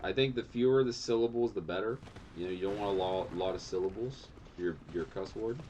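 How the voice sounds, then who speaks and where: A young adult man streaming a game, rambling casually, swearing often and yelping high when surprised. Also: a little fast, dull audio, background noise. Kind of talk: casual gameplay chat.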